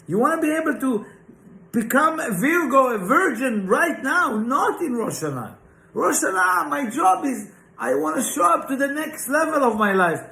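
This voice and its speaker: Man, very high voice, spiritual teacher, informal class, emphatic rhetorical questions, echoey room. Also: pushed and bright. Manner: emphatic, full of rhetorical questions and "right?" check-ins. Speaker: Kabbalah teacher. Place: class room, live and online.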